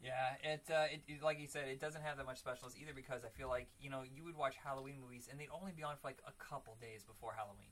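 A man co-hosting a casual podcast chat, animated and swearing freely. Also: medium pitch, rapid-fire, hardly any pauses, poor audio. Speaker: podcast co-host.

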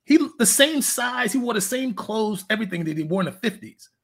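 A man's voice: high-pitched, animated, a little fast, vocal fry, a bit bright. A man, a fitness coach, chatting casually in an interview, telling candid rambling stories and laughing at his own jokes.

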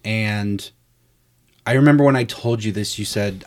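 A man with a lowish voice talks casually on a podcast. He is a screenwriter telling a story, slipping into quoted dialogue. His talk is candid and full of swearing. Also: a little slow, long pauses. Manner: profane, candid.

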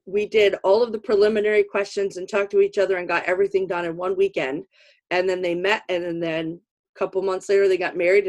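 Laughing middle-aged woman host. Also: medium pitch. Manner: animated storyteller, laughs often. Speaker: podcast host. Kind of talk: casual chat.

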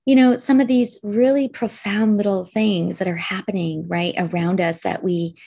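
A middle-aged woman co-hosting a podcast, telling an animated story in casual chat and swearing now and then. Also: mid-range voice, normal speed, vocal fry, breathy edge. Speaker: podcast co-host.

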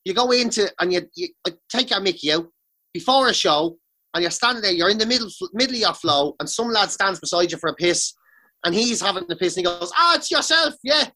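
An Irish man telling stories in a casual comedic rant, sweary and animated. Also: sits high, quick pace. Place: sitting on the floor of a room.

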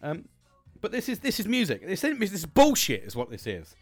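A British man in his thirties talks through his solo podcast in a loose, rambling way, swearing constantly and full of upbeat energy. His voice runs a touch high and swings widely in pitch. The sound is dry and close, with no room around it. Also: huge pitch swings, a little fast, no room sound, soft background music. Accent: British English. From Britain. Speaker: podcast host. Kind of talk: casual solo podcast chat.

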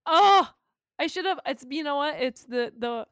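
A woman's voice: sits high, animated, moderate pace, a bit bright, no room sound, studio quality. A woman co-hosting a podcast in casual chat, talkative, laughing often and swearing freely. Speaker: podcast co-host.

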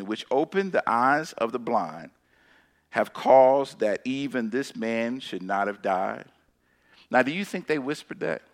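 A man preaching a sermon, his voice bright and slightly high for a man. He reads scripture slowly, then drops into casual, emphatic talk with repeated phrases, swinging from loud bursts to near whispers. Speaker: pastor.

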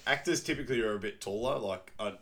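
A man's voice: on the low side, fast, a bit bright, a little hiss or hum. Laughing man on a podcast. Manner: laughs often, loose and rambling. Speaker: podcast co-host. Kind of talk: casual chat. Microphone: video call.

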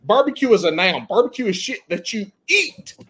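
Man, Southern accent, high-pitched, animated, profane casual banter. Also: moderate pace, slightly rough. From South Carolina. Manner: loud, animated storytelling with heavy swearing and drawled Southern slang. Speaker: podcast guest.

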